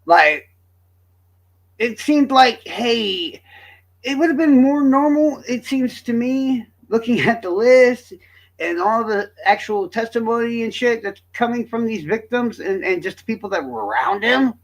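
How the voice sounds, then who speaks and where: A man's voice: very high-pitched, animated, unhurried. A young man from Florida, rambling through crude, joking commentary as a streamer.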